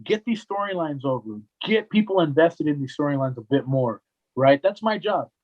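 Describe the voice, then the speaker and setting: In muffled audio, a young man who commentates wrestling speaks at a moderate pace with a fairly high voice, spinning a story in a laid-back podcast conversation. He performs the quoted voices with animation, leaning heavily on "right?" and "man."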